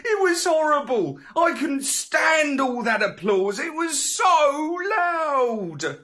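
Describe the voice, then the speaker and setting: A man voicing an excitable young dog in a storybook tale, speaking in a dramatic, yelping way. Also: high voice, takes it slowly, gravelly, pitched above the performer's own voice, exaggerated voice. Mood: fretful, eager.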